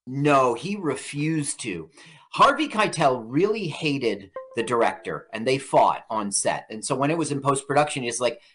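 A man's voice: mid-range voice, moderate pace, breathy edge. A man co-hosting a casual radio chat, telling stories about movies in a rambling way. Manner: rambling, lively storytelling. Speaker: radio co-host.

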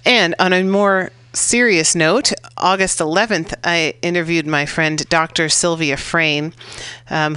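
A woman's voice: sits low, a bit bright, clean tone, no room sound. A woman hosting a community radio show, recapping past guests in a chatty, rambling way with lots of fillers. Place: radio studio.

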